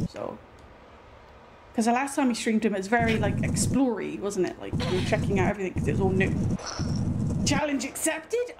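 A woman, chatting casually and excitably while streaming a game. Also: a little high. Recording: noisy background.

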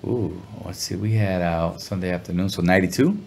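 A middle-aged man telling a story as an interview guest, relaxed and full of slang. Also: deep voice, brisk, gravelly, breathy edge. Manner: laid-back, chuckling, heavy slang. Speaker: guest musician.

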